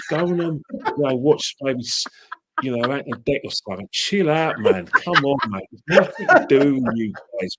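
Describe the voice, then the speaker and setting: A man, a podcast guest in casual chat who rants and mocks rival fans in an animated way. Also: mid-range voice, breathy edge. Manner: ranting, mocking, animated.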